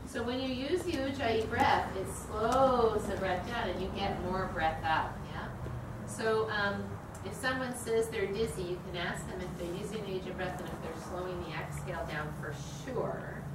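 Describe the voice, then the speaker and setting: A woman's voice: mid-range voice, normal speed. A woman teaching a yoga training class, talking the group through breathing and asking them questions. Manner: conversational, asks the class questions. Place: studio room with a group. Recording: echoey room, distant mic, noisy.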